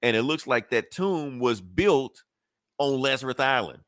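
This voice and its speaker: A podcast co-host recaps a comic plot in loose, slangy chat, quoting the characters along the way. His mid-range, fairly bright voice swings widely in pitch at a measured pace, captured in clean, echo-free studio sound.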